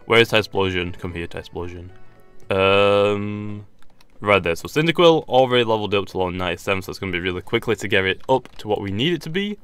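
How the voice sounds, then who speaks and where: A young man giving casual, rambling gameplay commentary in a slightly hoarse voice that he says he is losing, often restarting his sentences. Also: fairly low pitch, lively intonation, fast talker, fairly bright tone, faint music behind. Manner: rambling, hesitant, frequent restarts and laughs. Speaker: gaming YouTuber.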